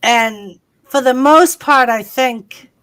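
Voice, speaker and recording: A woman's voice: high voice, takes it slowly, fairly bright tone. A woman with a Massachusetts accent, hosting a casual livestream chat, talking freely and swearing often. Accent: Massachusetts, Lowell. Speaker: host.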